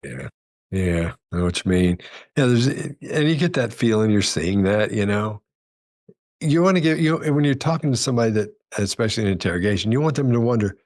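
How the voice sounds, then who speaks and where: Husky-voiced man telling stories casually. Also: lowish voice, lively intonation, a little fast, darkish tone. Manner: rambling, self-correcting, acts out quoted dialogue. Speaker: podcast guest. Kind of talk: casual storytelling chat.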